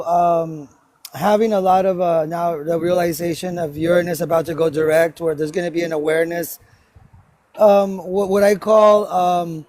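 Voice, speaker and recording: A man talking through astrology as a livestream guest, halting often with ums and uhs as he explains. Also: fairly high pitch, a little mellow, no echo. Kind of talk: casual astrology talk.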